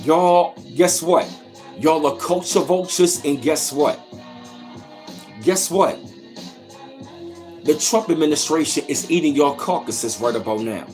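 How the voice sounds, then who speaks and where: A man's voice: on the high side, a little mellow. A man hosting his channel, ranting in heated reaction commentary with profanity and repeated rhetorical questions. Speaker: channel host.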